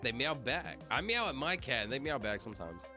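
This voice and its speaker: A male livestreamer chats casually with his viewers while playing a word game, spelling out letters as he goes. His mid-range voice is very animated and a little fast, with music playing in the background.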